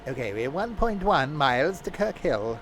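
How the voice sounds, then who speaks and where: A man's voice: on the high side, sing-song, moderate pace, a bit bright, a little hiss or hum. A man giving live gameplay commentary as a streamer, rambling and joking to himself as he plays. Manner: rambling, jokey talking to himself. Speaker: game streamer.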